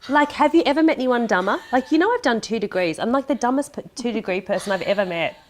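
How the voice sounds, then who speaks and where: A woman's voice: fairly high pitch, quick pace, slight background noise. A woman telling a personal story as a podcast guest, acting out the voices she quotes and dropping to a near-whisper at hard moments. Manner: animated, acts out quoted voices.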